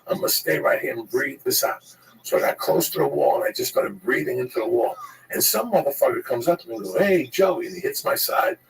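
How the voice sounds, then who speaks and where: A man telling a profane, animated comedy story and acting out the voices of the people in it, as if on a podcast. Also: mid-range voice, gravelly, far from the mic, a little hiss or hum, poor audio. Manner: profane, rapid, acts out the voices.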